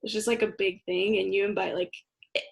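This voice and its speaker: A woman's voice: mid-range voice, little pitch movement, brisk, creaky. A young woman from Paraguay, a guest in a casual chat, chatty, filling her talk with little fillers and laughing often.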